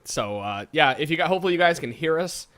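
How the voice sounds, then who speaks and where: Lively, bright-voiced podcast host. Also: male voice, on the high side, fast. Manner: animated, laughing, tipsy from wine. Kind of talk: casual chat.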